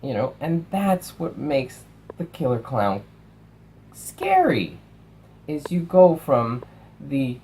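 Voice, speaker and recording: Animated young man reviewing films. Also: mid-range voice, unhurried, a little hiss or hum, poor audio. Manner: animated, swears, acts out quotes. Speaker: film reviewer. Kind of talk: casual spoken review.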